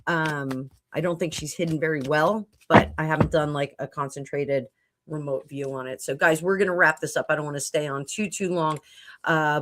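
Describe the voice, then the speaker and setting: A woman's voice: low-pitched, a bit bright. A middle-aged woman hosting a psychic livestream, chatting casually with viewers and thinking aloud with many fillers and restarts. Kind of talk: casual livestream chat answering viewer comments. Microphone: computer mic at a home livestream.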